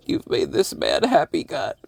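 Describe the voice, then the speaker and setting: A tearful man talking through an emotional personal monologue, halting and repeating himself, with laughs and sighs between his phrases. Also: fairly high pitch, creaky, no echo, clean studio sound.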